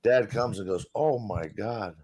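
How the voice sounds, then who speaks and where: A man's voice: on the low side, a little slow, darkish tone, slightly rough. A man telling a long, rambling, profane story in casual talk on a live stream panel.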